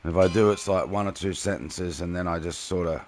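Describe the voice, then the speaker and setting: A man's voice: low voice, fairly even intonation, a little fast, a little hiss or hum. A young man streaming a game, chatting casually and answering viewers' messages by name. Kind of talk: casual live-stream chat while gaming.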